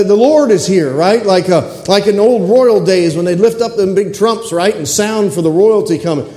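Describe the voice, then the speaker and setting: A male pastor preaching a sermon into stage microphones, fervent and excitable, calling for amens. His voice sits high for a man. The church hall around him rings with echo. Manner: excitable, calls for amens from the congregation. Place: church sanctuary.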